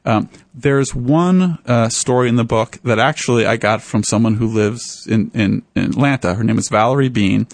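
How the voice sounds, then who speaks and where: A man, an author, telling stories in an interview in an animated way. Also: normal speed, hardly any pauses, no echo. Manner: animated, voices the people in his stories with raised pitch. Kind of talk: storytelling in a radio interview.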